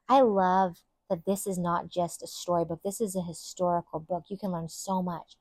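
A woman's voice: lowish voice, fairly even intonation, normal speed, few pauses, a little mellow, dry recording. A woman hosting a Bible teaching podcast, earnest and enthusiastic, who stresses her points by repeating them. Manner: earnest and enthusiastic, with emphatic repetition.

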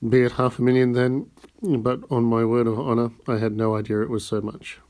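A man's voice: medium pitch, flat delivery, brisk, darkish tone, natural voice. A man reading the lines of a timid, eager-to-please old Italian ex-soldier in an audiobook. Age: older.

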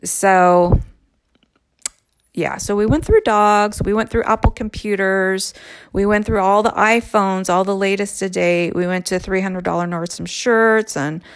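A woman speaks slowly at a middle pitch, telling a personal story in a loose, conversational way. She sighs and trails off between thoughts and takes her time with each phrase. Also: clean tone, no room sound, clean studio sound. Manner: slow, unhurried, with sighs and trailing pauses.

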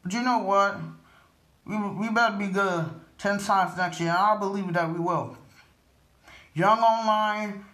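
A man's voice: high voice, fairly even intonation, unhurried, long pauses, sharp tone. A man ranting as a sports fan vlogger, frustrated, profane and rambling. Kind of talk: fan rant to camera. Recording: roomy echo.

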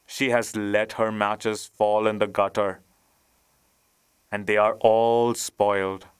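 A man voicing a sad, noble statue prince in a storybook, speaking low and sorrowfully. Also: level tone, slow, smooth, no echo.

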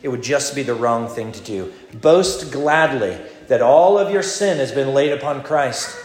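A man preaching a communion sermon and leading prayer, fervent and emphatic, rising to loud declarations and dropping to quiet low asides. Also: animated, unhurried, echoey room. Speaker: pastor.

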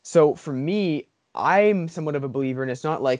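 A man's voice: fairly high pitch, animated, brisk, few pauses, a little mellow, dry recording, studio quality. A man hosting a podcast, asking questions in an enthusiastic, rambling way full of fillers. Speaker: podcast host. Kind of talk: podcast interview.

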